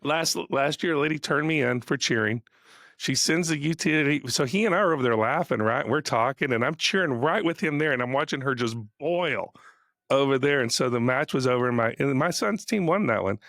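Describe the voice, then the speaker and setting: Animated man telling stories. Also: on the high side, a little fast, dry recording, clean studio sound. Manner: animated, acts out quotes, laughs often. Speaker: podcast co-host. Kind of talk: casual storytelling chat.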